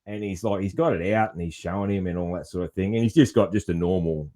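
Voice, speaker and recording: A relaxed Australian man hosts a casual interview, drifting through stories at an easy pace. His voice sits on the low side. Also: fast. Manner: laid-back, rambling storyteller. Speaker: podcast host.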